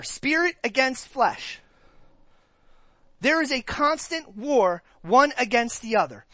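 Preacher, sermon, animated, conversational, questions the congregation, close and dry sound. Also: mid-range voice, dry recording. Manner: animated, acts out listeners' reactions in quick put-on voices. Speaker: pastor.

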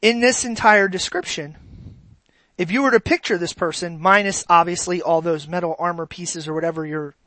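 A preacher giving a sermon, animated and asking the congregation rhetorical questions. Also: medium pitch, normal speed, dry recording, poor audio.

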